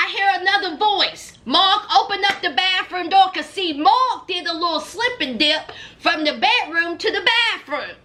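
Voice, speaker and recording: High, lively woman host recapping drama. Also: normal speed, hardly any pauses. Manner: dramatic, exclaiming and drawing out words; chatty, speaks straight to her viewers. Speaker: YouTube host recapping a reality show. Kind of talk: casual reaction commentary.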